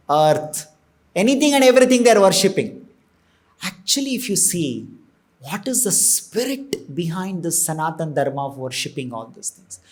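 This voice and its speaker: A man with an Indian English accent giving an earnest temple sermon, emphatic and sometimes breaking into acted asides. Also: high-pitched. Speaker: temple preacher.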